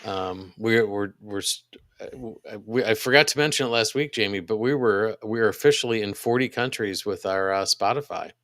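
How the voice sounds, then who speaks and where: A man co-hosting a podcast, casually reading out upcoming events, halting with many ums and restarts. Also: on the low side, a bit bright, dry recording, clean studio sound. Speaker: podcast co-host.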